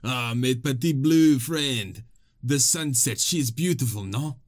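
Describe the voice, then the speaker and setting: A pompous, haughty French knight as a man puts him on with a put-on French accent. He drawls each line slowly and theatrically, in a voice set lower than the man's usual one. It sounds like a video game character being hammed up. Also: close to an everyday voice.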